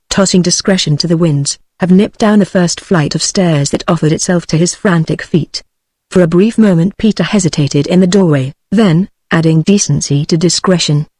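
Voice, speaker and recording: A woman's voice: on the low side, slightly rough, no echo. British synthetic female audiobook voice. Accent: British English. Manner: even machine-read delivery. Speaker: narrator. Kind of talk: text-to-speech audiobook narration.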